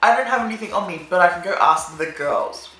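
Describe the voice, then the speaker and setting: A woman's voice: on the low side, lively intonation, fairly quick, a bit bright, reverberant, soft background music. A young woman voicing a kindly, helpful female schoolteacher in a reassuring, matter-of-fact tone.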